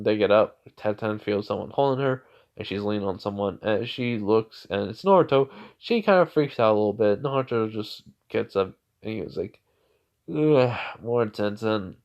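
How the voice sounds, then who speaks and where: A man's voice: fairly low pitch, animated, brisk. Rambling man telling a fan story. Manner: rambling, many fillers and restarts. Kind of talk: improvised fan-fiction narration. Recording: dull lo-fi recording.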